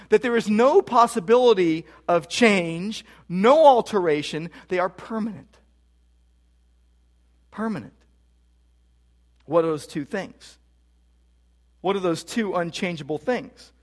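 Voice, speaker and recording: Male pastor with a notably high voice, preaching with emphatic repetition. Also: animated, measured pace. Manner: emphatic, repeats key phrases for stress. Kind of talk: expository sermon.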